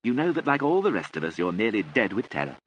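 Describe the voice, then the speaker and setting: A man's voice: fairly low pitch, sing-song, quick pace, lo-fi sound, slight background noise, pitched above the performer's own voice. A man voicing a stern, irritable young aristocrat with a clipped, commanding manner.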